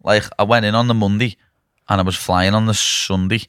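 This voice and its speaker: A man and fighter telling stories in a casual podcast chat, animated and swearing often. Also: lowish voice, brisk, smooth, no room sound, studio quality. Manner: animated storytelling, swears often, says "lad" constantly.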